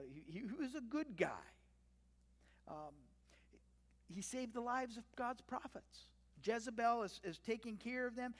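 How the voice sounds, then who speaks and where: Conversational pastor in a reverberant sanctuary. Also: mid-range voice. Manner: conversational, wry, retells scenes with acted-out quotes. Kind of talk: sermon. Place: church sanctuary. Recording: long church reverb.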